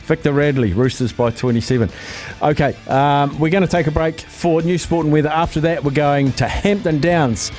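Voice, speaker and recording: A man hosting a casual radio show, reading out listener texts with brisk, jokey asides. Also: a little high, a little mellow, soft background music. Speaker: radio host.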